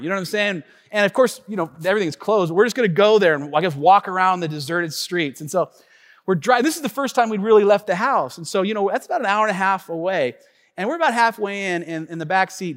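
A man's voice: high-pitched, expressive, fast talker, a bit bright. A man in his thirties preaching a sermon, telling a story animatedly and acting out the voices in it. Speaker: pastor. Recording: long hall reverb.

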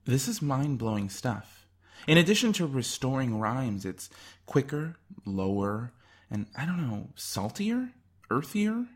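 A man's voice: medium pitch, big pitch swings, a little slow, slightly rough. A man narrating a scripted video essay in a wry, enthusiastic way.

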